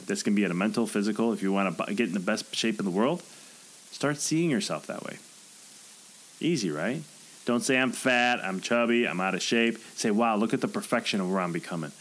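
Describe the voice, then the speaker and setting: A man's voice: on the low side, low-quality recording. A man hosting a motivational podcast, talking earnestly and acting out the things people say to themselves. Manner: earnest, coaching, acts out inner voices. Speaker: podcast host and author. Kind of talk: motivational solo podcast talk.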